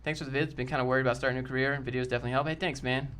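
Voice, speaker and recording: A man's voice: mid-range voice, steady tone, racing, a bit bright, smooth. A man in casual live-stream chat, answering chat in a blunt, joking, brash way. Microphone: desk mic with a sock over it.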